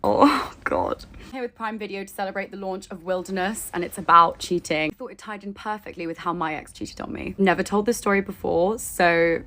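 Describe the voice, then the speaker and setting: A woman's voice: medium pitch, fairly quick, fairly bright tone. A woman telling a breakup story in a chatty, dramatic way. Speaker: social media storyteller. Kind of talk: casual storytime.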